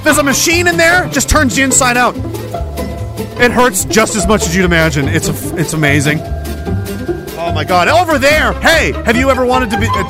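A man voicing the devil as a boastful, cheerful host showing off new tortures to his demons. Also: high voice. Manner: gleeful, showy, game-show announcer bragging.

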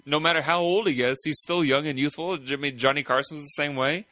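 A man's voice: fairly high pitch, fairly even intonation, a little fast, pushed and bright, no echo. A man in casual podcast chat, eagerly jumping in with references.

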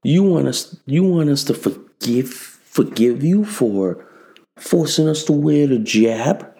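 Slow gravelly profane ranting host. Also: mid-range voice, animated, dark tone. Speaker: podcast host. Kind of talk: angry political commentary monologue.

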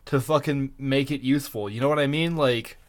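A man's voice: medium pitch, brisk. A man co-hosting a podcast in casual chat, joking and swearing freely. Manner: joking, swears a lot, playful. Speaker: podcast co-host.

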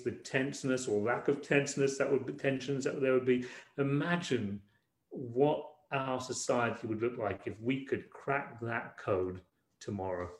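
A man's voice: mid-range voice, reverberant. A man preaching a sermon as pastor, in a conversational way, often repeating words as he searches for the next thought.

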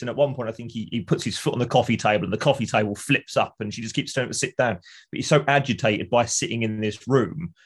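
A man's voice: mid-range voice, quick pace, slightly rough. Man retelling sitcom scenes. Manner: enthusiastic storyteller, acts out scenes. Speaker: podcast co-host. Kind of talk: casual chat.

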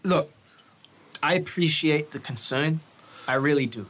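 A man's voice: a little high, measured pace, fairly bright tone, a little hiss or hum. A man voicing a demanding, hot-tempered male fight manager who keeps raising his voice. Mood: angry. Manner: demanding, impatient, raises voice.

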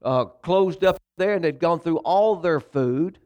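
A man's voice: a little high, a little mellow. A man preaching a sermon, retelling a story. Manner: storytelling preacher, conversational with dramatic pauses. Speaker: pastor.

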